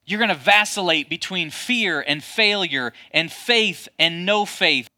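A man preaching a sermon as a pastor, addressing his congregation with lively rhetorical questions. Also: high-pitched, measured pace.

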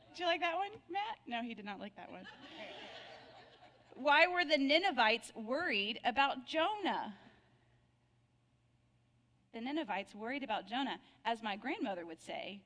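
A woman's voice: on the high side, a bit bright. A woman pastor telling Bible jokes in a sermon, playful and laughing at her own punchlines. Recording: long reverb of a large hall.

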